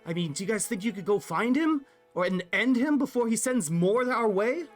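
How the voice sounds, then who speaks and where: A man's voice: sits high, expressive, moderate pace, soft background music, voice pushed up. A man voicing an earnest, worried bird-folk townsman pleading for help.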